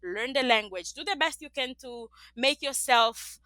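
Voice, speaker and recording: A woman's voice: high-pitched, expressive, unhurried, pushed and bright, no room sound. A middle-aged woman from the Dominican Republic with a Spanish accent, a native Spanish speaker, speaking earnestly and reflectively as an interview guest, laughing often. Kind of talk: interview conversation.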